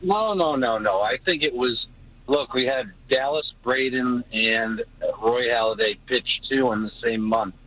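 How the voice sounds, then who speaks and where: A man's voice: medium pitch, measured pace, fairly bright tone, no echo, dull audio. A man calling in to a sports radio show, talking in an eager, emphatic way. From Florida. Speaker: caller.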